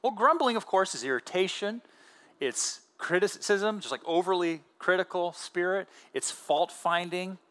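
A man in his thirties, a pastor giving a conversational sermon with casual fillers and animated emphasis. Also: high voice, a little slow.

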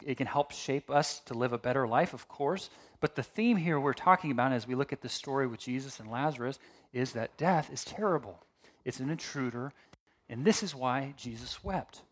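Man, pastor, sermon, fairly high voice, lively delivery, casual asides. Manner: animated, conversational preaching with asides and restarts.

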